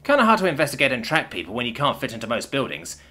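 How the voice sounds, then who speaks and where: A man voicing a gruff, matter-of-fact alien female student in a storybook reading. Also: medium pitch, wildly swooping pitch, racing, pushed and bright, faint music behind, exaggerated voice.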